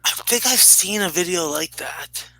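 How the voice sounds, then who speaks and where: A man's voice: high-pitched, animated, moderate pace, pushed and bright, no room sound, poor audio. A man in his thirties ranting profanely in a casual podcast chat. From Canada. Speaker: podcast regular.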